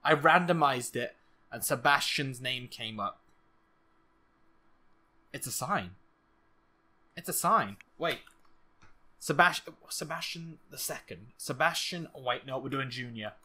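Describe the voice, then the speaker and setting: A gaming channel host giving excitable, jumpy let's-play commentary, with frequent laughs and sudden exclamations. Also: mid-range voice, unhurried, pauses often.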